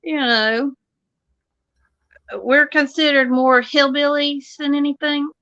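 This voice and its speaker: A woman's voice: high voice, steady tone, slow pace, a bit bright, no echo, dull audio. A woman from the Missouri Ozarks with a Southern accent, chatting folksily as a guest on a live show. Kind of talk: casual chat.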